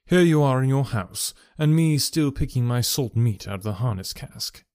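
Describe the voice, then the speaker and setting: A man's voice: medium pitch, lively intonation, moderate pace, darkish tone, dry recording, natural voice. Man playing a sinister wizened old sailor, sly drawl, cringing, dry close sound, storybook. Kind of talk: audiobook character voice.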